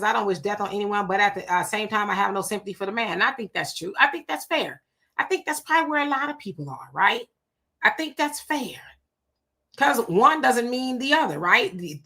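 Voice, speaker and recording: Woman host, crisp bright tone, casual live-chat reader. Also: medium pitch. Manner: greets commenters by name and reacts conversationally. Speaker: livestream host reading chat comments.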